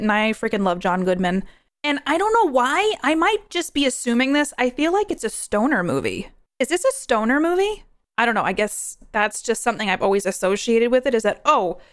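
A young woman hosting a podcast, chatting casually on her own, animated and prone to rambling tangents. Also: fairly high pitch, no echo, studio quality. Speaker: podcast host. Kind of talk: casual solo movie chat.

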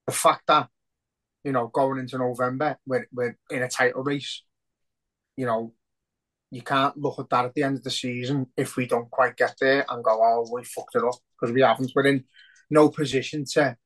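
This is a man chatting casually on a football podcast. He rambles, swears freely and gets excitable, and his voice sits at an ordinary middle pitch. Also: moderate pace, poor audio. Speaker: podcast co-host.

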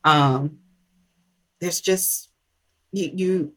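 Slow-talking, bright-voiced country woman. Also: lowish voice, steady tone. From South Carolina, USA. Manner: unhurried, warm, drawn-out phrasing with many ums. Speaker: guest. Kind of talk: casual conversation.

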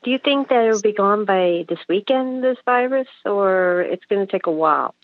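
A woman's voice: mid-range voice, expressive, no echo. A woman calls in to a show, stopping and restarting as she searches for her words. She comes through a thin, tinny phone line with a dry sound. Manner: halting, hesitant, many fillers. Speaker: caller. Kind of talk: phone call to a radio show.

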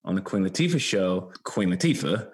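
A man telling stories as an interview guest, animated with quick asides. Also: low voice. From United States. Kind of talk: storytelling interview.

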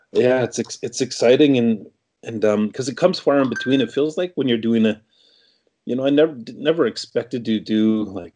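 Man, lowish pitch, middle-aged, interview guest, casual storytelling, many fillers and restarts. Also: darkish tone, dull audio. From Canada.

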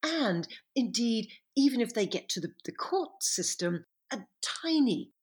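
Woman author as interview guest, husky, reflective and measured, breaks off to correct herself. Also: fairly high pitch, very animated. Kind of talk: podcast interview answers.

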